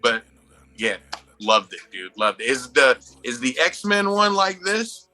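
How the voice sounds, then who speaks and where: Excitable, profane man, bright voice. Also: medium pitch, takes it slowly, soft background music. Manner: profane, excitable, laughs often while telling. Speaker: movie review podcast co-host. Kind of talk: casual chat.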